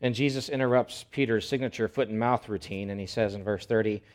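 Animated, conversational male preacher. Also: fairly low pitch, a little fast. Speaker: pastor. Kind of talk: sermon.

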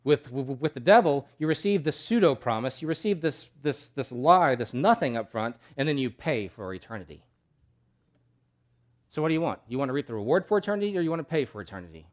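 A male pastor preaching a sermon, emphatic, asking rhetorical questions and swinging between loud and soft. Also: mid-range voice, sing-song, fairly quick.

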